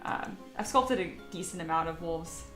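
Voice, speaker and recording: A woman's voice: on the low side, expressive, normal speed, a bit bright, echoey room, faint music behind. A woman sculpting on a live stream, chatting casually with her viewers and reading their comments aloud, often poking fun at herself. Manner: chatty, self-deprecating, reads chat aloud.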